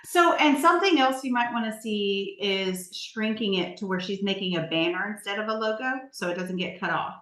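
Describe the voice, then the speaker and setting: A woman co-hosts a podcast with sassy, teasing chat. Her voice is bright and sharp at mid pitch. It rings in a roomy echo. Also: normal speed, hardly any pauses. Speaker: podcast co-host. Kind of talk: casual chat.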